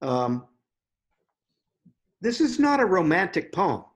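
A man who edits poetry, talking through a poem in a thoughtful, unhurried way with frequent pauses. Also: high voice, very animated. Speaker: poetry editor. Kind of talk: conversational discussion of poetry.

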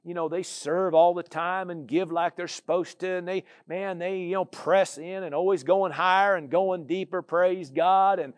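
A man's voice: high voice, steady tone, moderate pace, hardly any pauses. A man preaching a sermon as a pastor, with a conversational style full of "you know" and "amen".

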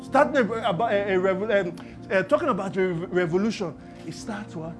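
A man preaching a sermon, asking the congregation to fill in his words and swinging from hushed to loud. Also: high-pitched, animated, fast talker. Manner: call-and-response questions, swings from hushed to loud. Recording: clear music playing behind the voice.

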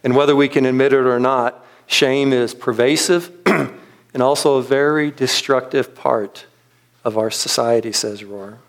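A middle-aged man giving a reflective sermon, telling a personal story in a gentle, earnest way with frequent pauses. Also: mid-range voice. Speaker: pastor.

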